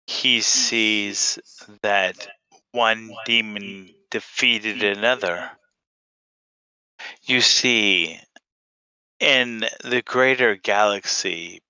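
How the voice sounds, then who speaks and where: Brief: man voicing a faceless female Sith, cold and commanding, slow and low, bright edge, dry sound. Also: smooth, dry recording, exaggerated voice, rough recording. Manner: slow, flat, commanding pronouncements.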